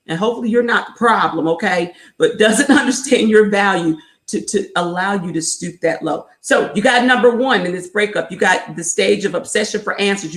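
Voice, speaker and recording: A woman's voice: mid-range voice, a bit bright, reverberant. A woman hosting a live motivational talk as a life coach, emphatic and repetitive, driving each point home and mixing in faith-based encouragement.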